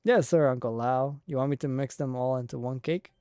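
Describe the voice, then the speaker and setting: A man's voice: mid-range voice, a little fast, dark tone, no echo, studio quality. A young man streaming a game, reading its dialogue aloud and dropping wry, offhand asides.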